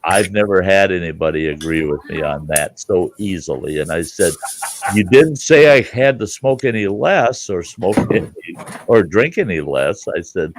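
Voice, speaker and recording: A man's voice: low-pitched, moderate pace, slight background noise. A man hosting a casual livestream chat, telling rambling, profane stories. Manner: rambling, profane, lively storyteller. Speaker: livestream host.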